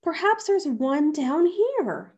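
A young brown bear cub, voiced by a woman reading a picture book, speaks in a plaintive, gentle way. His voice sits a touch higher than the reader's normal voice, and his lines come slow and wistful. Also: sing-song, muffled recording, exaggerated voice.

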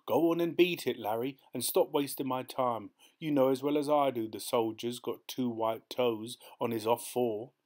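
A man voicing a brisk, cocky male dog-race organiser in an audiobook, speaking curtly and dismissively. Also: medium pitch, natural voice. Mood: brusque. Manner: curt, dismissive, sharp and loud. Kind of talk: audiobook character voice.

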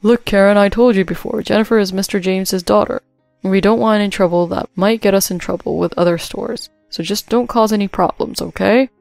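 A woman's voice: mid-range voice, fairly even intonation, brisk, gravelly, a little mellow, no room sound, faint music behind, lightly acted. A woman reading the lines of a male store manager who avoids conflict and brushes off complaints. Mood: placating. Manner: dismissive.

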